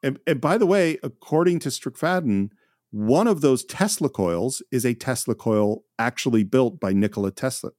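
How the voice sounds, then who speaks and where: Male podcast host, lively pitch, dry close sound, casual film chat. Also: moderate pace, no room sound. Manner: chatty, enthusiastic storytelling.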